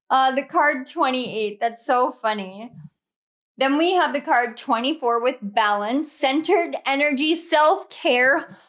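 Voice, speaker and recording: A woman's voice: sits high, fairly bright tone. A young woman giving a casual tarot reading, emotional and gushing, laughing often as she goes. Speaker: tarot reader.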